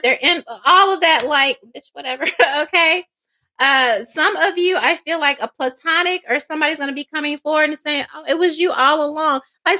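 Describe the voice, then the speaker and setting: A chatty woman with a high, bright voice gives a casual tarot reading to camera. She rambles loosely in slang, checks in constantly with "okay?" and laughs easily between thoughts. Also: low-quality recording. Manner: laughs often, swears casually. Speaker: psychic reader.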